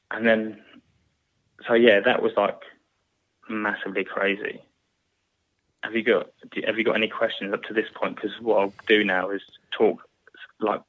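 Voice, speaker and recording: A British man in his thirties recounts a hard story in a low, flat voice, halting and restarting as he goes. The sound is thin and phone-like, with no room sound at all. He speaks plainly, as a guest talking through his memories. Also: no echo. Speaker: guest, former soldier. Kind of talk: recounting a war story in an interview. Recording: tinny phone-like line, dry.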